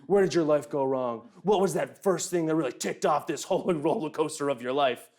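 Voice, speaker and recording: A man's voice: a little high, a little fast, darkish tone, close to an everyday voice. A man voicing a male psychiatrist who asks earnest, probing questions.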